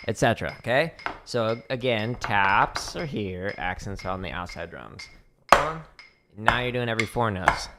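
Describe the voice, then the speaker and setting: This drumming teacher has a lowish, animated voice at a moderate pace, and the recording is very noisy, with loud drum clicks and taps behind him. Streaming casually from his home practice room, he counts beats out loud and jokes with himself.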